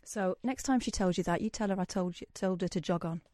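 A woman's voice: fairly low pitch, fairly quick, warm tone, no room sound. Chatty woman hosting late-night radio. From Manchester, England. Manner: chatty, teasing, laughs easily. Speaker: radio phone-in host. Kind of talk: late-night phone-in chat.

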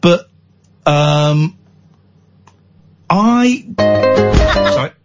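A man's voice: a little high, very slow, highs cut off, loud music behind the voice. A man hosting a radio show, chatting casually and teasing his co-host with jokes. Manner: animated, teasing, jokey.

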